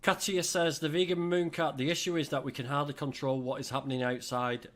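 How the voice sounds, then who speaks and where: Middle-aged English male host, casual and animated, reads viewer comments with jokes. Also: a little high, fairly quick. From England. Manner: chatty, animated, jokey asides. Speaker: livestream host.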